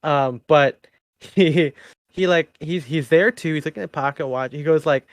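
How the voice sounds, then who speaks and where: A man's voice: fairly high pitch, measured pace, no echo, studio quality. A young man co-hosting a podcast, telling a story in casual chat, acting out quotes and laughing often. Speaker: podcast co-host.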